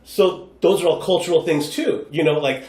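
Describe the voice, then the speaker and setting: A man's voice: on the high side, normal speed. An American man, a guest improv performer, chatting casually on a podcast and acting out quoted voices as he tells stories. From United States. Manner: animated, acts out quoted voices. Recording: roomy echo.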